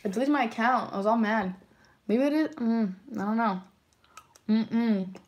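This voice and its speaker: A young woman chats on a tarot livestream, answering comments as they come in. Her voice sits a touch high and her pace is leisurely. She giggles a lot and bursts into excitement when viewers chime in. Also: measured pace, dull audio. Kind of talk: casual livestream chat reading comments.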